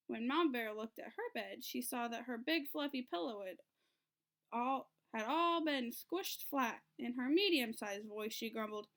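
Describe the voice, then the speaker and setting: A woman teacher reading a storybook aloud to children, in an expressive storytelling way. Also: a little high, a little slow. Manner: expressive, sing-song storytelling.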